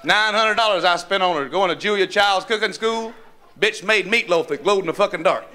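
Crude Southern comedian, high voice. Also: male voice, brisk, sharp tone. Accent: Southern US (North Carolina). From North Carolina, USA. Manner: rough, profane, drawling punchline delivery. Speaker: stand-up comedian. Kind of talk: crude stand-up comedy set. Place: comedy club stage. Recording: live club with crowd laughter and noise.

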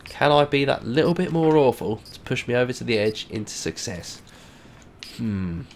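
A man giving rambling, self-mocking let's play commentary that breaks into loud, excited yells and swearing. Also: mid-range voice, normal speed, slight background noise. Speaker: gaming channel host.

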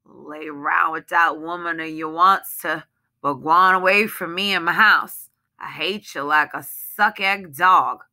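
A woman's voice: deep voice, unhurried, pushed and bright, heavily acted. A woman voicing a frightened, bitter wife who pleads and accuses in heavy dialect. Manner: pleading, then cold and hard. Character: frightened, bitter Southern washerwoman, adult.

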